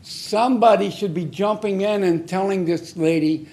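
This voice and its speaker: A man with a notably high voice for a man delivers public comment at a city council podium. He talks in an angry, confrontational way, hammering the council with short, blunt, repeated phrases. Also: normal speed, darkish tone. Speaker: member of the public giving comment.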